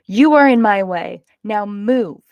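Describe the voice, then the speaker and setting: A woman voicing a determined young girl in a storybook, speaking in a raised, insistent way with a gravelly edge. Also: fairly high pitch, expressive, measured pace, darkish tone, no echo, lo-fi sound, pitched above the performer's own voice.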